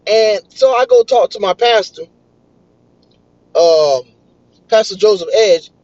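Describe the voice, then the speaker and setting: A young man, excitedly telling a story in casual vlog style. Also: sits high, slow pace, dry recording. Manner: excitable, animated retelling. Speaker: vlogger. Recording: dull, lo-fi dry recording.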